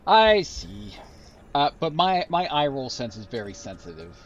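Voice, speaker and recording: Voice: medium pitch, big pitch swings, a little slow, lo-fi sound. Rambling sarcastic game streamer. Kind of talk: casual live game commentary.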